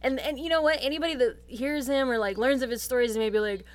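A woman's voice: on the high side, fast talker, dry recording. Chatty, laughing woman in casual talk. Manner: chatty, laughs often, lively asides. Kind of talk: casual chat. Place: lives in Los Angeles.

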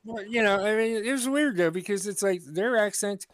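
An American man co-hosting a podcast, talking in halting casual chat with restarts and swearing. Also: high voice, no echo. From United States. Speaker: podcast co-host.

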